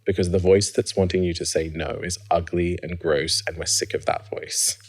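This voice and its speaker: A man telling his personal story as an interview guest, reflective and quick to laugh. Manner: reflective, laughs often, rises high when excited.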